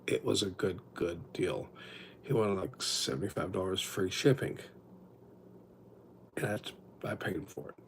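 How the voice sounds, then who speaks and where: Deep-voiced and a little slow, this livestream host pauses often as he wanders through stories in a casual chat, cutting himself off and starting over again and again. A little hiss or hum sits under the recording.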